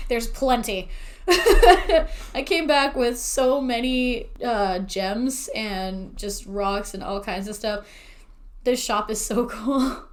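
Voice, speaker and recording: A woman co-hosting a podcast in casual chat, excitable, swearing freely and laughing often. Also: on the high side, slow pace. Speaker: podcast co-host.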